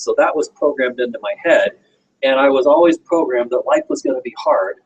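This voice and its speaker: A husky-voiced man in his forties stands before a roomful of people and tells a personal story, earnest and direct. He asks the listeners questions as he goes. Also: mid-range voice, a little mellow, poor audio. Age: 40s. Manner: earnest, personal, speaks straight to the audience. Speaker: guest motivational speaker. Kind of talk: personal story told to a meeting audience. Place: meeting room with an audience.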